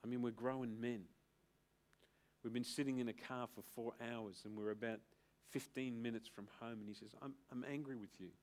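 A middle-aged man preaching a sermon as pastor, emphatic, with dramatic pauses and build-ups. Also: mid-range voice, little pitch movement, darkish tone.

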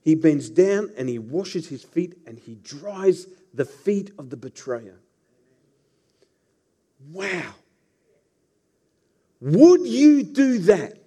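A man's voice: high-pitched, big pitch swings, very slow, pauses often, mellow, breathy edge. A man preaching a sermon as pastor, telling the story with playful asides to the congregation.

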